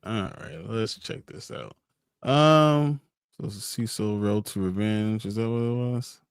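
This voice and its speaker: A man's voice: lowish voice, a little slow, clean tone, dry recording. Easygoing male host, dry sound. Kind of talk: casual chat.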